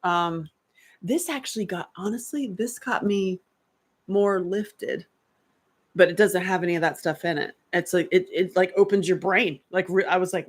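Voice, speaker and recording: A chatty woman talks loosely and rambles, her voice sitting a little low. She laughs often as she goes. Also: moderate pace. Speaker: host. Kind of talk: casual chat.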